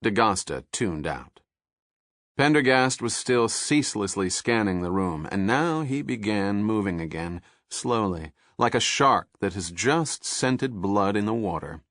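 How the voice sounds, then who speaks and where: Guy reading a thriller audiobook, low voice, steady, super dry close sound. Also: a little slow, no room sound. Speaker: audiobook narrator. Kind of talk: scripted audiobook narration.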